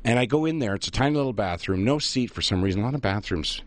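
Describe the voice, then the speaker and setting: A middle-aged man, a radio host telling a funny travel story in a lively, self-mocking way. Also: on the low side, fast talker, no echo. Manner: animated, self-mocking storyteller who laughs at his own tale. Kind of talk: casual on-air storytelling.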